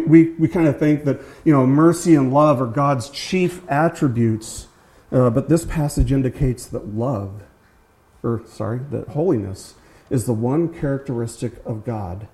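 A man preaching a sermon in a conversational way, with frequent fillers and restarts, and slowing down to stress key words. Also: medium pitch, warm tone, low-quality recording. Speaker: pastor.

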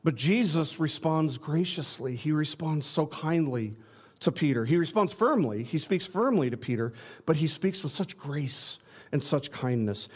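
This male pastor preaches with a slightly high, husky voice that has a dark tint. His delivery is sincere and straightforward, punctuated by small stammers and restarted words as he presses on.

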